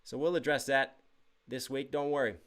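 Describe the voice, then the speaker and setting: A young livestream host reads out donations and chat messages with upbeat energy, though he sounds a little tired. His medium-pitched voice has fairly even intonation and a normal pace, and he gives hyped shout-outs to chat.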